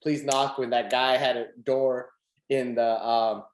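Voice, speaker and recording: A man's voice: mid-range voice, a little slow, reverberant, a little hiss or hum. A man hosting a podcast in casual chat, telling stories with animation and acting out quotes. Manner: animated storytelling, acts out quotes with laughter. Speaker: podcast host.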